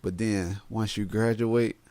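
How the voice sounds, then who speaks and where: Young male podcast co-host, relaxed and reflective, with a low voice and a dry sound. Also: unhurried, dry recording. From West Memphis, Arkansas. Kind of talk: casual chat.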